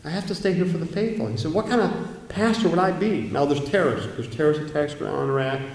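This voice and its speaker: A priest preaching a sermon, emphatic and repeating key phrases for stress. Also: male voice, on the high side, fast talker. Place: large echoey church. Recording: echoey church from far off.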